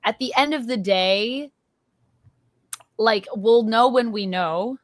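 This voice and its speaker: A woman's voice: a little high, slow, no room sound. A woman hosting a casual comics livestream, talking chattily with many fillers. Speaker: livestream host. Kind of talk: casual chat.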